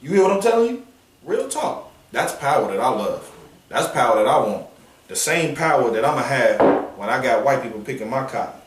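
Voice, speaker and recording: A man preaching on a downtown street in a forceful, confrontational, slangy manner, with call-and-response from listeners. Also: medium pitch, big pitch swings, fairly quick, heavy background noise. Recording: echoey street sound from a distance.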